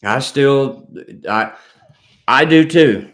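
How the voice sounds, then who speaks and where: A man hosting a casual live stream, joking around, rambling and reading viewer comments out loud. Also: mid-range voice, drawn-out words.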